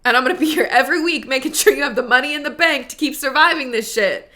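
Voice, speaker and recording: An upbeat woman talks through her own money podcast in a loose, chatty way. She keeps checking in with the listener as she goes. Her voice is bright and forward. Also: high-pitched, fast talker. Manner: chatty, upbeat, with frequent likes and rights. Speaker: podcast host and money coach. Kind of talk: casual solo podcast talk.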